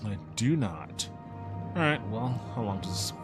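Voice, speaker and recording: A man's voice: on the low side, sing-song, unhurried. A man talks through his gameplay in a loose, rambling way. He drifts into jokey asides and swears when a fight goes badly. Faint game music plays behind him. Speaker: let's play host. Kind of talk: casual gameplay commentary.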